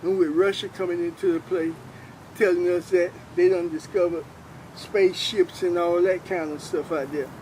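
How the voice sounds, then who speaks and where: Older man, high-pitched, earnest informal preacher; faint outdoor traffic behind. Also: fairly even intonation, normal speed, darkish tone, rough recording. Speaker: preacher sharing faith. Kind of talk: informal spoken testimony.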